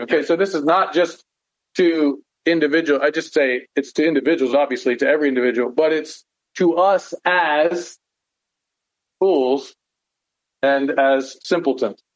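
Man, pastor, conversational sermon, earnest, rhetorical questions, fairly high voice. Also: moderate pace, low-quality recording. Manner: earnest, asks rhetorical questions, frequent "right?". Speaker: pastor teaching a Bible study.

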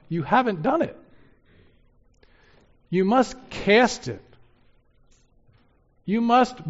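A man's voice: on the high side, lo-fi sound. A male pastor preaching a sermon in an emphatic way, repeating key phrases for stress.

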